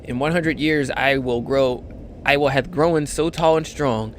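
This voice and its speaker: A man's voice: mid-range voice, measured pace, slight background noise, natural voice. A man reading a defiant talking tree. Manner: old-fashioned archaic speech.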